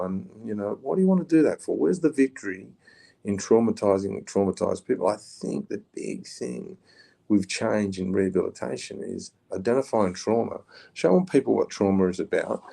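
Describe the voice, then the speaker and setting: A middle-aged man with an Australian accent, blunt and rough-spoken, telling prison stories in a casual interview. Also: fairly low pitch, warm tone. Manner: blunt, rough-spoken storyteller, swears, says "mate". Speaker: podcast guest, former prisoner.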